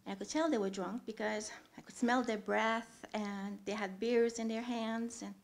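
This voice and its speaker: On a theatre stage, a woman tells her own story live, speaking earnestly with frequent pauses and sudden loud swells. Her gravelly voice sits a little high and keeps a fairly even intonation.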